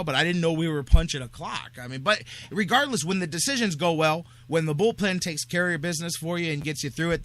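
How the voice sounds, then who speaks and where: Man, sports talk host, energetic, rambling, bright and forceful tone. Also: on the high side. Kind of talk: casual sports talk show monologue.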